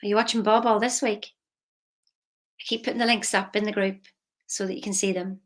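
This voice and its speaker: A woman, a money mindset coach talking casually, emphatic and chatty with soft intimate asides. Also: medium pitch, fairly even intonation, fairly quick. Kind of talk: casual motivational vlog.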